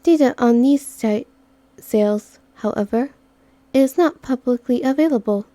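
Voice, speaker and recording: A woman's voice: a little high, a little slow, dark tone, no room sound, pitched above the performer's own voice, natural voice. A woman voicing a formal machine intelligence that briefs an operative in a clinical, data-driven manner. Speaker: visual novel reader.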